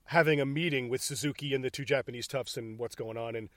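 A man's voice: mid-range voice, no echo, clean studio sound. A man co-hosting a casual podcast about a movie, swearing, laughing and acting out the scenes. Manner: profane, laughing, acts out scenes in quick bursts. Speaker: podcast co-host.

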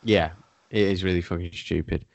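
A man hosting a casual podcast, with a lowish voice and dry, close sound. He trades wry, sweary banter and runs the show. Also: steady tone, normal speed, creaky, a little mellow, no room sound, highs cut off. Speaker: podcast host. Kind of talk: casual chat.

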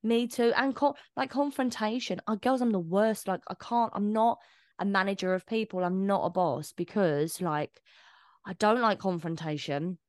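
A young woman co-hosting a podcast in casual chat, animated and sweary, laughing often and restarting her sentences. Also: medium pitch, normal speed, no echo, clean studio sound. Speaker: podcast co-host.

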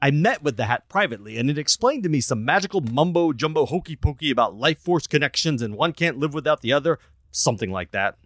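A man's voice: a little high, lively intonation, fast, a bit bright, no room sound, clean studio sound. A man playing a pompous guild leader. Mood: smug. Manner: pompous, drawling.

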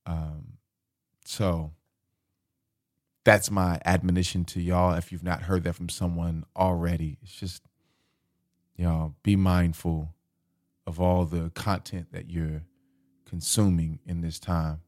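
A male podcast host talking in a relaxed, easygoing way and addressing his listeners directly. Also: deep voice, slow pace, long pauses, dry recording, studio quality. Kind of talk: casual podcast chat.

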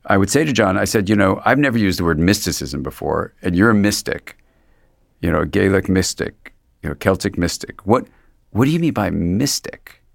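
Man, low voice, gravelly, dry close sound, reflective interview guest. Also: lively intonation, normal speed, dry recording. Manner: thoughtful, meandering, with frequent restarts. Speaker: psychiatrist and guest.

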